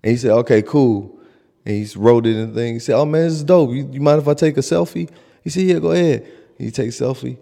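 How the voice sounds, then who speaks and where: Gravelly young man telling animated stories. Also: mid-range voice, fast talker, in a large hall. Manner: animated storyteller, breaks into laughter and loud retellings. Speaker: podcast co-host. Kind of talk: casual chat.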